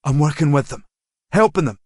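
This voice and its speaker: A man voicing a battered male detective who speaks breathless and strained while trying to calm an attacker. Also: on the high side, fairly quick, slightly rough, dry recording, clean studio sound, pitched above the performer's own voice. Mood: placating. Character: winded, battered male detective pleading calmly.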